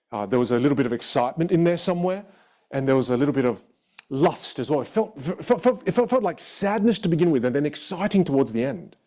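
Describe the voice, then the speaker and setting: A male vocal coach leads a live online masterclass with expressive storytelling. His voice sits a little high for a man, and his pitch leaps and dips constantly. He shifts between energetic asides and quieter, reflective moments. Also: fast talker.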